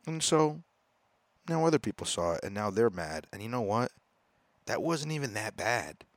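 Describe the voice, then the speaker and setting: A man hosting his own podcast in a casual, profane rant that swings between loud outbursts and low mutters. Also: very animated, normal speed, no echo. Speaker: podcast host. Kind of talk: casual ranting monologue.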